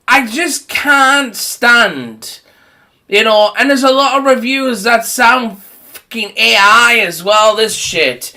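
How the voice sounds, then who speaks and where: Slow, bright-voiced man ranting profanely. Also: very high voice. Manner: rambling, swears a lot, laughs between points; mocks others with put-on voices. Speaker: horror movie vlogger. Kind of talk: profane casual rant.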